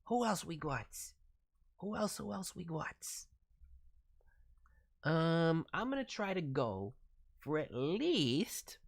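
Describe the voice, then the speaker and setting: A man's voice: on the high side, creaky, a bit bright. A man on a live stream voicing viewers' characters, talking in a playful, rambling way with quirky grammar. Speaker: voice director streamer.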